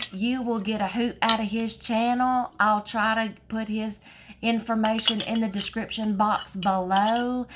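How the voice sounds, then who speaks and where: A middle-aged woman with a fairly high voice, heard over slight background noise, walks through a home cooking tutorial in her kitchen. She chats folksily, constantly saying "y'all" and "okay."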